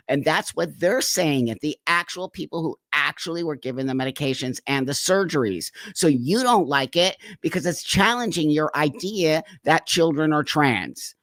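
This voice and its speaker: A man's voice: a little high, expressive, moderate pace, few pauses, fairly bright tone, no echo, studio quality. A man hosting his own channel, giving indignant reaction commentary on a clip and repeating points for emphasis.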